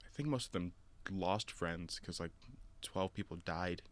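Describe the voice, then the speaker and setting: A man's voice: sits low, measured pace. A man co-hosting a casual movie chat, retelling scenes with lots of fillers and laughs. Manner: animated storytelling, frequent laughs and fillers. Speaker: podcast co-host.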